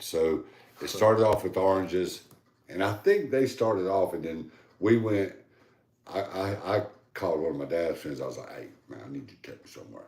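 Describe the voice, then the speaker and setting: A man co-hosting a podcast, telling a loose, rambling story in a casual, animated and profane way. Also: deep voice. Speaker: podcast co-host. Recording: echoey room.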